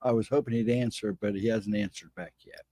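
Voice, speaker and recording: A man co-hosting a live stream who gives brief, low-key replies. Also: fairly even intonation, brisk, warm tone, dry recording. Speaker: co-host. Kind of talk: casual chat.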